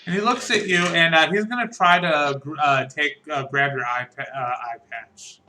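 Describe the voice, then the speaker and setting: A man narrating as game master of a tabletop game, halting and full of fillers. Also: on the high side, bright, forceful tone, a little hiss or hum, poor audio. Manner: halting, lots of fillers and restarts.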